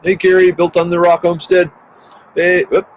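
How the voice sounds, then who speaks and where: A man hosting a casual outdoor livestream, talking extra loud into a handheld microphone. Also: high voice, monotone, normal speed, slight background noise, poor audio. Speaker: livestream host. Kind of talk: casual livestream chat greeting viewers. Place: outdoors near a busy highway. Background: birdsong.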